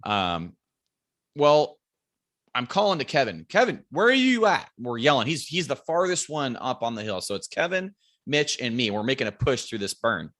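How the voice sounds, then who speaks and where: A man as a podcast guest, telling a hunting story in a casual, animated way. He swears freely and raises his voice to quote friends yelling. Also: mid-range voice, moderate pace, no echo. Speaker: podcast guest, bow hunter.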